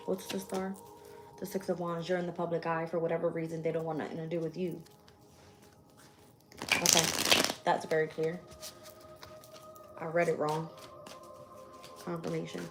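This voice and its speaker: Blunt, low-voiced woman reading tarot. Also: little pitch movement, moderate pace, long pauses, music in the background. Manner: casual and blunt, swears freely, thinks aloud while drawing cards; shuffles and names cards aloud. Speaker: tarot reader. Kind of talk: casual live-stream tarot reading.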